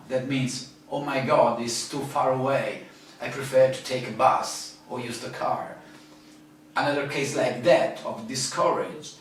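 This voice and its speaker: A man with an Italian accent, teaching a language lesson online and slowly acting out everyday example phrases. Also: medium pitch, steady tone, heavy reverb, distant mic, a little hiss or hum. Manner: slow, explanatory, acts out example phrases.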